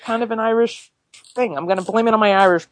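A woman actor telling stories in a casual interview, animated and laughing easily, with many fillers and restarts. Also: a little high, quick pace, dry recording. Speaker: actor and filmmaker guest.

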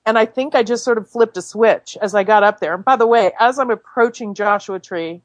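A woman actor telling a story in a casual interview, animated and quick to laugh. Her voice sits at a middle pitch. The sound is dry and close, with no room around it. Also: no room sound. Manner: animated storyteller, laughs easily, many fillers and restarts. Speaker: actor and filmmaker guest.

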